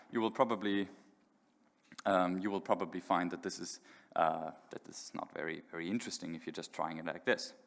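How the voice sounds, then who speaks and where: Guy demoing software on stage, lowish voice, lots of ums and restarts, echoey hall. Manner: casual, many fillers and restarts. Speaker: conference speaker. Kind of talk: live tech demo talk. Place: large conference hall.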